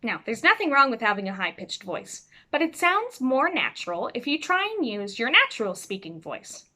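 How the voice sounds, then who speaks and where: Lively, bright-voiced woman teaching. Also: fairly high pitch, moderate pace. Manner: clear, expressive, demonstrates voices. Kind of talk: instructional talk to students. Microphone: video call.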